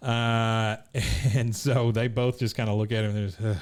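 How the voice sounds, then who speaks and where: Speaking at normal speed in a lowish, level tone, a man co-hosts a podcast. He walks through an episode scene by scene in a casual way, chuckling at the characters.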